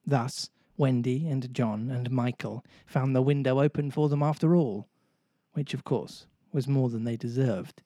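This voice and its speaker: Guy reading a kids storybook out loud, playful, dead dry room. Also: mid-range voice, fairly even intonation, a little slow, no echo. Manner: playful, jokes and laughs with listeners. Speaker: storybook reader. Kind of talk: storybook narration read aloud.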